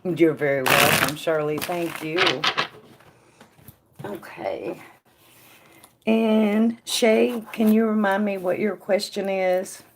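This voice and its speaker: A woman hosting a casual live tarot reading, chatting with viewers by name and dropping to a quiet murmur when she puts questions to the cards. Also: medium pitch, a little slow, few pauses, a little hiss or hum. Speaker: tarot reader and stream host.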